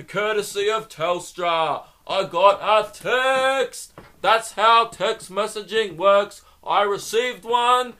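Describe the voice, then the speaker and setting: A man playing a shrieking, overexcited reality-show contestant with a screeching, drawn-out voice. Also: high-pitched, pushed and bright, voice pushed up, full character voice.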